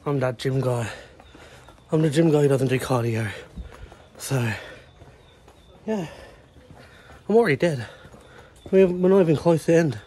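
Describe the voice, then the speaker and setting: Here a twenties-aged man talks casually to his handheld phone outdoors as he climbs long shrine stairways, sweaty and breathless, rambling with frequent swearing. His voice is fairly high and warm, a little slow, with long pauses.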